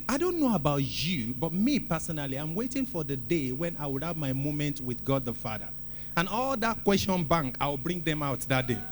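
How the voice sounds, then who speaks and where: A man preaching a sermon in a church, talking in an animated, conversational way and repeating phrases for emphasis. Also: on the high side, a little hiss or hum. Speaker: pastor.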